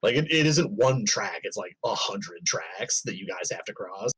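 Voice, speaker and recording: A man running a tabletop game as game master, narrating in a lively, playful way. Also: lowish voice, normal speed, husky, rough recording.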